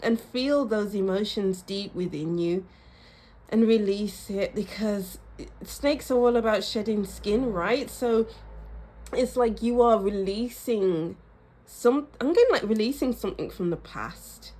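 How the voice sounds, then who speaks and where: A woman's voice: medium pitch, a little slow, warm tone. Female tarot reader, casual to-camera delivery, encouraging, repeats affirmations.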